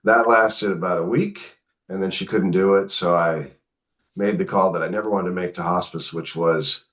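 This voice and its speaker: A middle-aged man with a low, deep voice tells a family story as a guest in an interview. He talks animatedly and jumps into other people's voices when he quotes them. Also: normal speed. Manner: animated, acts out quotes in his telling. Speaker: guest author. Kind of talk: conversational storytelling.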